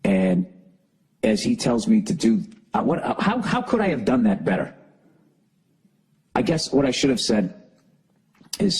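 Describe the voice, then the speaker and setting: A raspy-voiced man hosting a comedy podcast by himself. He rants in an exasperated, heavily profane way. His pitch sits in an ordinary middle range. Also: big pitch swings, measured pace, long pauses, a little mellow. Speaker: podcast host. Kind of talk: solo comedic podcast rant.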